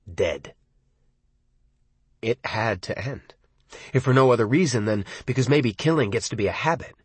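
A man narrating an audiobook in the first person, measured and brooding in tone. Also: on the low side, slightly rough, no room sound.

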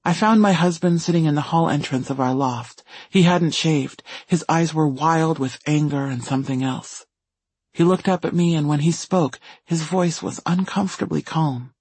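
Man for steady first-person audiobook narration, husky, slightly high voice. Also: normal speed, no echo.

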